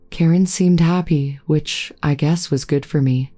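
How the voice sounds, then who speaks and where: Low, mellow woman narrating a story. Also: steady tone, unhurried, hardly any pauses, faint music behind. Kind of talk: scripted narration.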